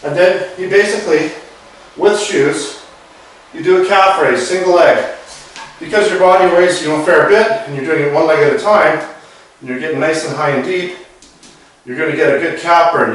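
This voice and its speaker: A man's voice: a little high, moderate pace, pauses often, a bit bright. A man over forty demonstrating home exercises, chatty and slightly out of breath as he moves, recorded in an echoey room. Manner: loose and chatty, with restarts. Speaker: fitness instructor. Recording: very echoey, distant camera audio.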